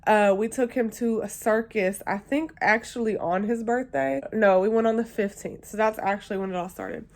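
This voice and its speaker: A woman's voice: medium pitch, normal speed. Chatty young woman vlogger. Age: young adult. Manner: chatty, emotional, lots of fillers. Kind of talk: casual storytelling to camera.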